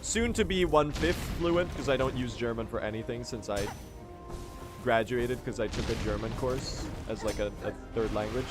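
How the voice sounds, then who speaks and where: A man's voice: mid-range voice, moderate pace, over music. A young man chatting casually on a speedrun stream, self-mocking and laughing often. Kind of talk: casual live-stream chat.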